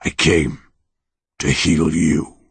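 A man voicing a huge ancient tree monster that speaks calmly and gravely, in a measured, unhurried way. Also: very deep voice, no echo, heavily acted. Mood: solemn. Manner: slow, measured, grave delivery.

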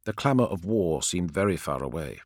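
A man reading a sci-fi novel aloud as narrator, with an expressive storytelling delivery. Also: deep voice, moderate pace, no room sound, studio quality. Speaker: audiobook narrator. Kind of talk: scripted narration.

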